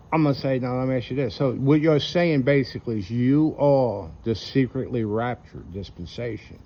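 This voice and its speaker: Rambling man in a lo-fi recording. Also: medium pitch. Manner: rambling, full of "you know" and restarts. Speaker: vlogger. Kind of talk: casual rant to camera. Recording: dull lo-fi with faint background noise.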